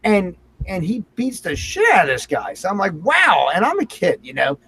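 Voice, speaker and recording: A man's voice: high voice, wildly swooping pitch, brisk, fairly bright tone, breathy edge. A man hosting a casual talk show, telling a story with lots of animation. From Philadelphia area. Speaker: host. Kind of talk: casual chat.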